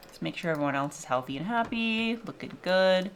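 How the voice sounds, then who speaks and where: In this casual gameplay chat, a young woman swears, laughs often and shows off her zoo game. Her lowish voice has lively intonation, and she talks fairly quickly.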